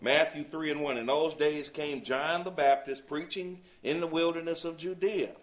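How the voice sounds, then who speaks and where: A man's voice: a little high, steady tone, normal speed, muffled recording. A man leading a Bible study class. He reads scripture aloud and often checks in with his listeners, asking "you see?".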